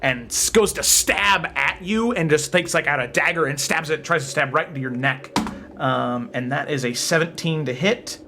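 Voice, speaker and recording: A man narrating a tabletop game as game master, briskly calling rolls and damage. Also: a little high, background noise. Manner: brisk narration, rolling dice aloud.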